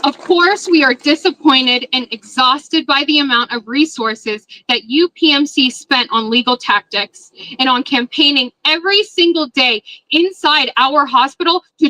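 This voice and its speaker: A woman nurse giving an earnest, measured prepared speech at a rally. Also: sits high, sharp tone, dry recording, rough recording.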